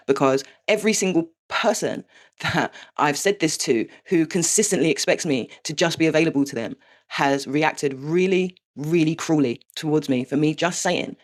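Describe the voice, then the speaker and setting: Brief: woman, vlog confessional, rapid and blunt, curses freely. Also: sits low. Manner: frank and swearing, with rueful laughs. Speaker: vlogger. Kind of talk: candid confessional monologue.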